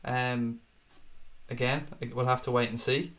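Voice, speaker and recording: A man's voice: mid-range voice, steady tone, a little slow, a bit bright. A man in his thirties hosting a fan live stream, reading chat and answering in a blunt, chatty way, swearing freely and calling viewers mate.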